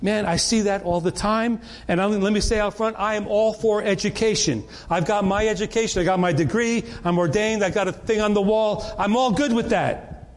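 A man's voice: high voice, fairly even intonation, moderate pace. A middle-aged man, preaching a sermon to his congregation in an earnest, conversational way with frequent restarts. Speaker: pastor.

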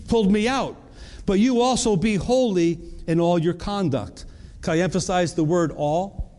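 A man's voice: high voice, a little mellow. A man preaching a sermon as pastor, earnest, asking the congregation rhetorical questions and often restarting his phrases.

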